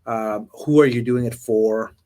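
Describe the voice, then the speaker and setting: A man's voice: mid-range voice, steady tone, measured pace, warm tone. A man hosting a podcast, chatting in an affirming, reflective way with frequent ums and restarts. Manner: affirming, reflective, hesitant with fillers. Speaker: podcast host. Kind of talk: casual interview chat.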